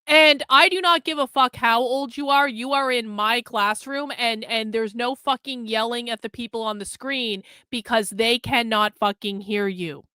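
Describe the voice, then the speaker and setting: A woman's voice: a little high, moderate pace, few pauses, pushed and bright, smooth, no echo. A woman hosting a livestream, bluntly scolding viewers in the chat with heavy profanity. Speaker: livestream host.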